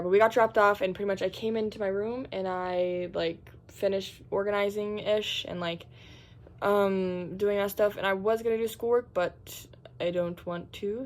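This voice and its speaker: A young woman, a college student, chatting casually about her day in a vlog, filling her talk with "like" and acting out what people said. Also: mid-range voice. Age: young adult. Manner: chatty, heavy use of "like"; acts out quotes in squeals and groans.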